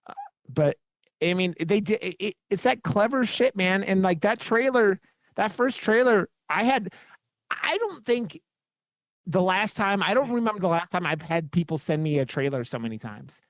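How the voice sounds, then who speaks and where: Man, podcast co-host, slightly high voice, rambling and profane, dry close sound. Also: expressive, normal speed, dry recording. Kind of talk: casual podcast chat.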